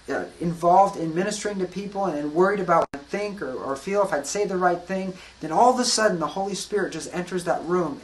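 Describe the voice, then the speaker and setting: A man preaching a sermon, earnest, rising to emphatic declarations and dropping to soft, calm passages. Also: sits high, rough recording. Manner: earnest, building to emphatic declarations then softening. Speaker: pastor.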